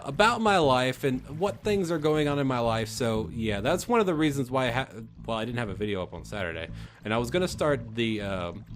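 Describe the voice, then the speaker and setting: A young man talks casually over his gameplay, earnest and rambling, often restarting his sentences. Music plays clearly beneath his voice. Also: mid-range voice. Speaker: let's play host. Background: background music.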